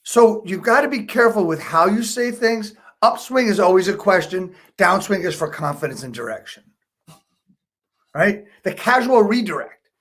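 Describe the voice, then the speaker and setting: A man leading a live online lesson as a sales trainer. He is chatty and upbeat, keeps checking in with "right?", and adds quick apologetic asides when he slips up. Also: high-pitched, animated, fairly bright tone. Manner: self-correcting, apologetic asides.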